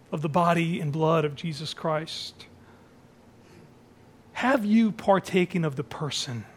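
A high-pitched male pastor delivers a communion sermon. He builds phrases through repetition, dropping to near-whispers and then rising to strong, raised lines. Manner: dramatic swings from soft near-whisper to raised, shouted phrases; repeats phrases for emphasis.

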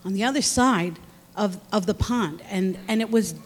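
A woman's voice: medium pitch, normal speed. A woman giving an earnest, encouraging testimony to a church congregation. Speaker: speaker at church. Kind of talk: sermon testimony. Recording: long hall reverb.

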